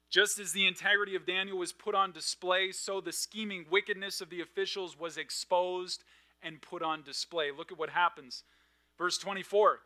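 A man preaching a sermon, swinging from loud emphatic lines to hushed, quiet asides. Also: sits high. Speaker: pastor.

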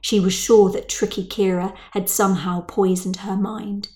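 Woman, story narration, measured, dry, middle pitch. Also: flat delivery, mellow.

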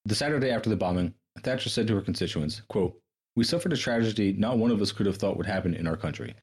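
A man talks quickly in a husky, slightly low voice, reading historical passages on a casual podcast. He breaks off often to swear and mock what he has just read, then carries on. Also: lively intonation, darkish tone. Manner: profane, sarcastic, reads quotes then riffs. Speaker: podcast co-host.

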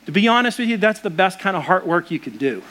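A man's voice: sits high, big pitch swings, fast talker, fairly bright tone. A middle-aged man preaching a sermon as a pastor, earnest and conversational.

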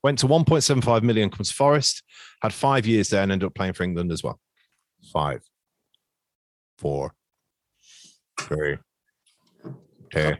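A man hosts a casual quiz podcast over a video call. He is chatty and teasing, rambling between questions. His voice is fairly low and sounds dry and close. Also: a little slow, pauses often, dry recording. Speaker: quiz host.

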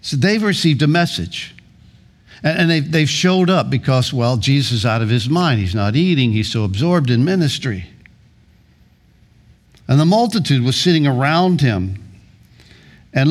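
Man pastor preaching, earnest, keeps stacking lists and repeating lines, mid pitched voice. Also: lively intonation, moderate pace, pauses often. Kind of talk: sermon.

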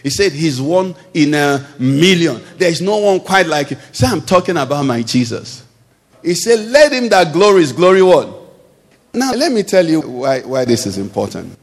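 A man's voice: fairly high pitch, very animated, moderate pace, big-room sound. A male pastor preaching a sermon to his congregation, emphatic, throwing questions out for the crowd to answer. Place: church hall.

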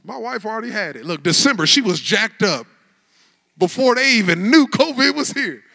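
A man preaching a sermon in a high, bright, ringing voice. He moves from soft, conversational asides to shouted, climbing lines. He talks to his congregation in a loose, casual way. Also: lively intonation, normal speed, creaky. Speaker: pastor.

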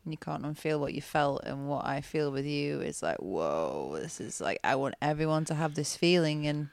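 A woman's voice: low-pitched, very animated, moderate pace, vocal fry, no room sound. A woman co-hosting a podcast, chatting casually in an earnest, reflective way. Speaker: podcast co-host, partner of the host.

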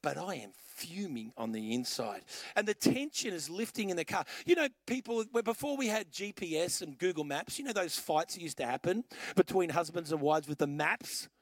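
Australian male pastor, middle-aged, high-pitched, dry close sound, chatty storytelling sermon. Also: lively intonation, moderate pace, no room sound. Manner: storytelling, conversational, punchy short phrases.

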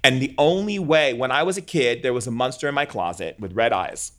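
In an interview conversation about spirituality, a male guest speaks earnestly and with animation at a medium pitch and fairly quick pace. He says "like" a lot and acts out dialogue.

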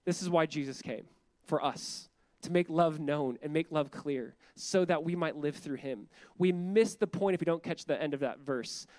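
A man preaching a sermon as pastor, animated and conversational, leaning on emphatic repetition and laughing often as he talks. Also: on the high side, normal speed, no echo. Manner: laughs often while speaking.

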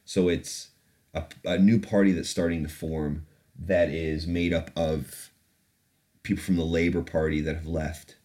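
A man's voice: a bass voice, a little mellow. A man hosting a casual opinion podcast, talking in a loose rambling way, laughing now and then and swearing freely. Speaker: podcast host.

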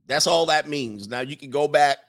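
A man hosting a streaming podcast, talking casually through viewer questions, animated, laughing often and repeating points for emphasis. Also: a little high, normal speed, noisy background.

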